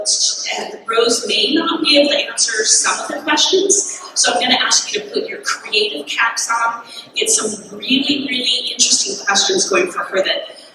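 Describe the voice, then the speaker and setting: A woman moderating a convention panel, upbeat and addressing the crowd. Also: a little high. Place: large convention hall stage. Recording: echoey hall, far from mic, noisy.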